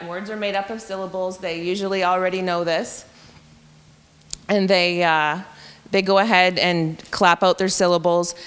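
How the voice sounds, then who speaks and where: Woman teacher leading a staff training, patient and explanatory, clear voice in a reverberant room. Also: lowish voice, fairly bright tone. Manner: explanatory, talks through teaching steps. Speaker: reading intervention teacher. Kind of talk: professional development presentation.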